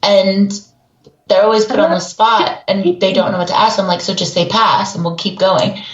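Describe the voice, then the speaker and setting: A woman's voice: medium pitch, fairly even intonation, normal speed. A woman chatting casually as a co-host who runs a haunted asylum, bubbly and cursing freely. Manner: bubbly, swears freely, laughs often. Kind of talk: casual podcast chat. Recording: roomy, dull lo-fi call audio.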